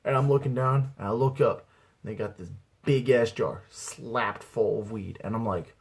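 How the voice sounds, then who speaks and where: Young adult man, casual comic storyteller, husky and laid-back, swears a lot. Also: medium pitch, moderate pace, darkish tone. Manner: laid-back, slangy and profane, acts out quotes. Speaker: aspiring comedian.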